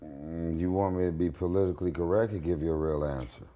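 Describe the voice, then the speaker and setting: A man with a raspy voice giving blunt, confident opinions in a candid interview at his home. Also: low-pitched, fast, dark tone. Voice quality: raspy, gravelly voice. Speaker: interview guest, singer.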